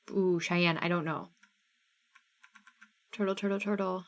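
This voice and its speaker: A woman's voice: on the low side, fairly even intonation, a little slow. A woman in her thirties with a Midwestern American accent, hosting a live craft sale stream in a casual, bubbly way and reading out viewers' names.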